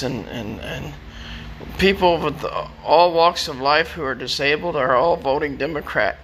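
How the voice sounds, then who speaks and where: A man's voice: on the high side, sharp tone. A man rambling through personal stories in a casual way, repeating words and chuckling as he goes. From Florida. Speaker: storyteller.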